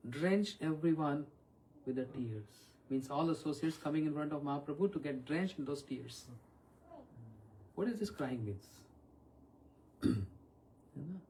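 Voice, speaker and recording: A man's voice: a little high, darkish tone, a little hiss or hum. A man, a spiritual teacher giving an evening question-and-answer talk and often asking his listeners questions. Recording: voice from far off the mic.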